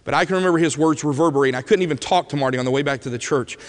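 A man preaching a sermon as an animated storyteller who swings from loud bursts to hushed moments, in a church sanctuary. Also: a little high, very fast, in a large hall.

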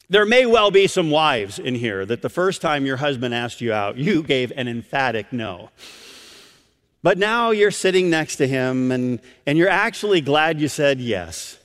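A man preaching a sermon to a congregation, stressing key words with sudden loud bursts. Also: on the high side, very animated, measured pace, long reverb tail. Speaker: pastor.

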